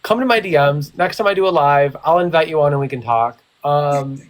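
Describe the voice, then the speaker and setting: A young man hosts a casual online live chat, spilling long stories in a rambling, teasing way. His voice sits a bit high for a man. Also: fairly quick, poor audio. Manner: chatty storyteller, teasing. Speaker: live stream host.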